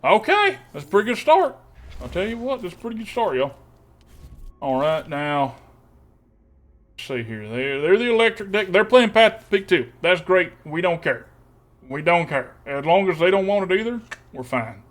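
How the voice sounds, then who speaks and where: His high-pitched voice is very animated and moves at a moderate pace as this young Texan streams cards. Weighing each play, he thinks out loud, muttering and humming to himself.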